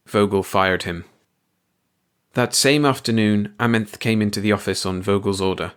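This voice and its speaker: A man narrating a short story aloud in a steady, even reading voice. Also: lowish voice, normal speed, clean tone. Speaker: audiobook narrator.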